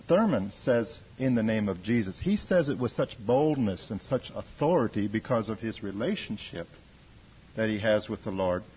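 A man's voice: mid-range voice, slightly rough, dull audio. A man from the congregation sharing an earnest testimony in a group discussion, repeating words as he thinks. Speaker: church member.

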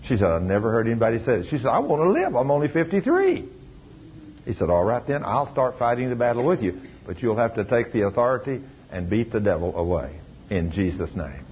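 A man's voice: fairly low pitch, fast, highs cut off, slight background noise. A man preaching a sermon, telling a story through quoted dialogue and rising to emphatic peaks.

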